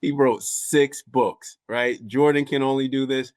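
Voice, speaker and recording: A man hosting a podcast, mid-pitched and easygoing. He laughs often and tells stories with animated energy as he introduces his guest. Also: measured pace. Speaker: podcast host. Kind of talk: casual interview intro.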